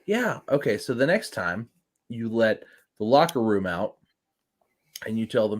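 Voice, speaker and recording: A man's voice: lowish voice, sing-song, a little slow, pauses often. A man co-hosting a casual podcast, brash and joking, throwing out exaggerated threats. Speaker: podcast co-host. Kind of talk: casual chat.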